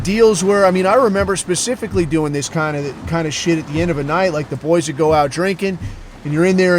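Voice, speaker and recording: A man's voice: on the high side, slight background noise. A middle-aged man hosting a podcast, talking bluntly in a casual monologue full of swearing and self-questioning. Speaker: podcast host.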